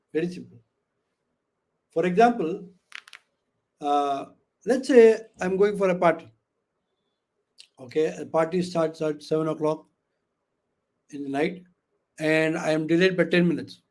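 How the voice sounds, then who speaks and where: A man's voice: fairly high pitch, normal speed, long pauses. A man giving an interactive online lecture, often asking the audience questions and filling with "okay" and "you know", speaking over a video call microphone. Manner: acts out quoted speech with lively voices. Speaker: webinar trainer.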